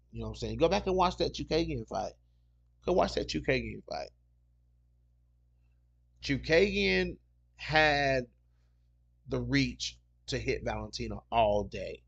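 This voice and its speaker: A man's voice: mid-range voice, fairly bright tone. A man hosting a casual talk show, rambling and repeating himself as he tells stories and reads comments. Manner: rambling, repeats "you know what I'm saying". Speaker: podcast host. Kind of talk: casual solo chat reading comments.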